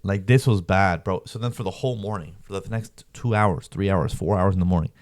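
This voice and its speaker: A man's voice: deep voice, brisk, a little mellow, no echo. A young man telling a story in a rambling, slangy way, peppered with "bro" and "like". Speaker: vlogger. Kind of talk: casual storytelling.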